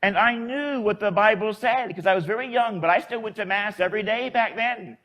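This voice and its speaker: A man's voice: high voice, brisk, pushed and bright. A man, a priest, telling a story in a homily in a folksy, conversational way.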